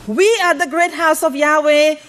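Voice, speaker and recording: A woman's voice: fairly even intonation, moderate pace, a bit bright. A woman preaching a sermon, putting questions to the congregation and asking them to call out their answers. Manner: varies pitch widely for emphasis.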